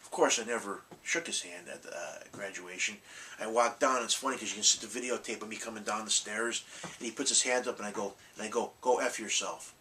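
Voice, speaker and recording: A man's voice: fairly low pitch, steady tone, fast talker, sharp tone, distant mic, a little hiss or hum, poor audio. A man hosting a collectibles vlog, talking bluntly and rambling, with frequent restarts and mild cursing. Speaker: collectibles channel host. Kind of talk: casual rambling vlog talk.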